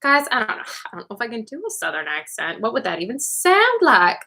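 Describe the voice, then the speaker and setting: A woman's voice: on the high side, wildly swooping pitch, quick pace, pushed and bright. Playful woman in party-game banter. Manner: playful, laughing, reads cards aloud.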